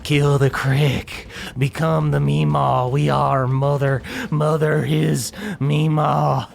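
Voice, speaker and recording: A man voicing a fungal monster that mimics a woman, chanting in short, flat phrases. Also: fairly high pitch, slow, creaky, exaggerated voice. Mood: eerie.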